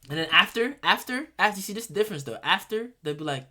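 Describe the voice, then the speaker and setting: Young male streamer, bright tone, swears often, rambles through restarts. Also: fairly high pitch, fast, hardly any pauses. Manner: blunt, profane, rambling with restarts. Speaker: streamer reacting to a video. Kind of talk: casual reaction commentary.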